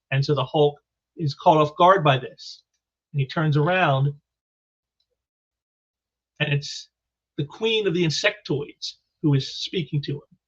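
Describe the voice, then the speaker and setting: Halting male comic book reviewer. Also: fairly high pitch, a bit bright, highs cut off. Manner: halting, repeats words often. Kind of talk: casual comic book commentary.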